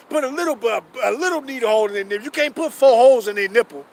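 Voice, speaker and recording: High-voiced man preaching on the street. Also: expressive, slight background noise. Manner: emphatic, rhetorical questions, profane asides, slow deliberate scripture reading. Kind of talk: street preaching, reading and explaining scripture. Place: outdoors on a city street.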